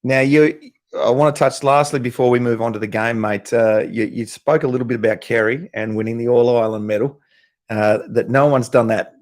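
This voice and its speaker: A man hosting a podcast, chatty and matey as he leads his guest. His voice sits at an ordinary middle pitch. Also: fairly even intonation, a little fast, darkish tone. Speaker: podcast host. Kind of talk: casual chat.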